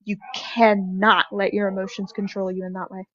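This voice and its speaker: A young woman telling a story in casual conversation, lively and full of fillers. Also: mid-range voice, normal speed. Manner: animated storytelling, many fillers. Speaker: guest. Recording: dry, dull lo-fi sound.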